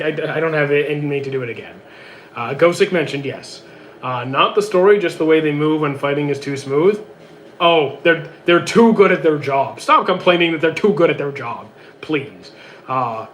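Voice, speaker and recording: A man streaming, reading out chat questions and answering them in a quick, offhand way with many fillers, his voice worn out. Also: a little high, fairly bright tone, slight background noise. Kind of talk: casual livestream chat.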